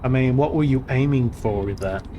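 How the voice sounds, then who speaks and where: A man's voice: mid-range voice, moderate pace, warm tone, highs cut off, a little hiss or hum. A man chatting with friends during a game, with dry, sarcastic remarks. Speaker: friend on voice chat. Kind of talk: casual gaming chat.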